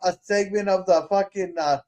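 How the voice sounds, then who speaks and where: A man's voice: high voice, moderate pace, a little mellow. A man hosting a casual podcast, talking bluntly with lots of swearing and stumbling restarts. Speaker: podcast host. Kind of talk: casual opinionated chat.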